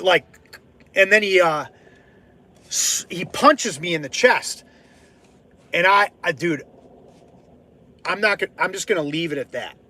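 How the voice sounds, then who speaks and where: A man hosting his own show, telling a personal story in a casual, animated way and swearing freely as it heats up. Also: high voice. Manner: animated, swears freely, swings from quiet to heated. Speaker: podcast host.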